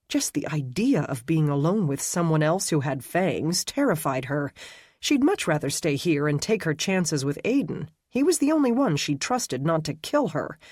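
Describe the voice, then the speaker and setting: A man narrating an audiobook in a steady, even storytelling manner. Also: fairly high pitch, normal speed, no room sound, studio quality. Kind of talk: scripted narration.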